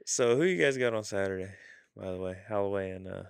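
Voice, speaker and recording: A man co-hosting a casual chat, animated and profane, quick to laugh. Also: on the low side, gravelly, clean tone, no echo, clean studio sound.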